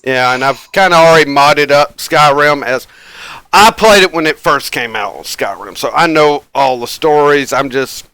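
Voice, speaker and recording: A man's voice: on the high side, normal speed, bright, forceful tone, clear, resonant tone, dry recording. A man hosting a live tabletop game stream, chatting casually and rambling with frequent chuckles and fillers. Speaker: game master and stream host.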